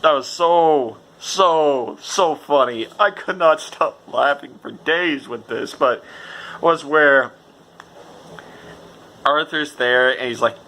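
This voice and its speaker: Guy rambling thru a game review, gets hyped, swears a lot, sharp bright voice. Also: a little high, slow, rough recording. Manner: excitable, rambling, swears freely.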